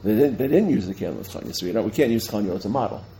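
A middle-aged man teaching a Talmud class as a rabbi, quick and digressive, often correcting himself and reading Hebrew and Aramaic sources aloud. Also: lowish voice, expressive, dark tone, slight background noise, rough recording. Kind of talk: lecture with questions from students.

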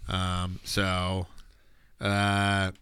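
A man's voice: low-pitched, completely flat delivery, extremely slow, sharp tone, smooth, no room sound. A man co-hosting a podcast, chatting casually about a movie, with frequent fillers and laughs. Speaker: podcast co-host.

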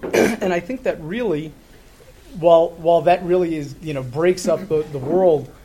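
A middle-aged man telling a story in a conversational way, halting with many fillers and restarts, earnest and reflective. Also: fairly high pitch, dark tone, slight background noise.

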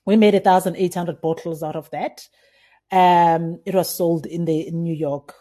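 A middle-aged South African winemaker in a casual interview, telling stories and acting out remembered conversations with laughter. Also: female voice, on the low side, normal speed. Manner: animated, acts out remembered dialogue with laughs. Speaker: winemaker, guest.

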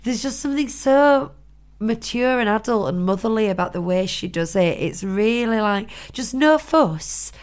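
A woman's voice: on the high side, lively intonation, moderate pace. A woman co-hosting a casual film review podcast, speaking earnestly with light fillers. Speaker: podcast co-host.

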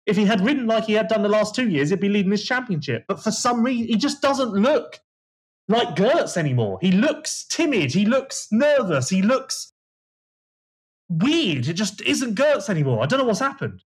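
A man co-hosting a casual podcast, giving animated, opinionated race analysis. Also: sits high, normal speed, husky. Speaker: podcast co-host. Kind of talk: casual motocross chat.

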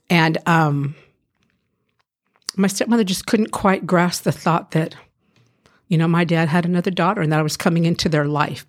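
A woman telling her own life story as an interview guest, earnest and emotional, often pausing with "um" and restarting her sentences. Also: low-pitched. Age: adult. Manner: earnest, halting, with frequent "um" and restarts. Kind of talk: emotional personal testimony.

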